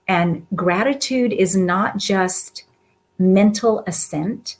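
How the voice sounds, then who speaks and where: A woman's voice: medium pitch, takes it slowly. A woman guest speaking to an audience in a heartfelt, casual way, earnest and encouraging. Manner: earnest, warm-hearted and encouraging, with soft laughs.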